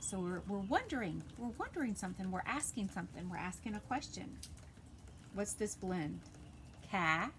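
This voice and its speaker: A woman teaching a phonics lesson to preschoolers, sounding out letters slowly and deliberately, recorded at home. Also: medium pitch. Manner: slow, deliberate, sounds out letters for little kids. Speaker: pre-K teacher. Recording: noisy home video recording.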